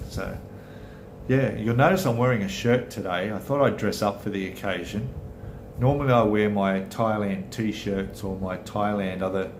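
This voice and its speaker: A man's voice: medium pitch, echoey room, slight background noise. A middle-aged Australian man hosting a casual live chat with viewers, rambling and chatty, often correcting himself mid-sentence. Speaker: channel host.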